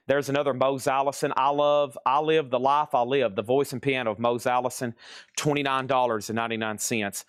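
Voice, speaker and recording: A man's voice: mid-range voice, clear, resonant tone, no room sound, clean studio sound. Folksy man running a record auction. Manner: brisk, repeats prices and names, folksy asides. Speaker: live auction seller. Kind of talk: live-stream sales patter. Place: record shop, moving between crates.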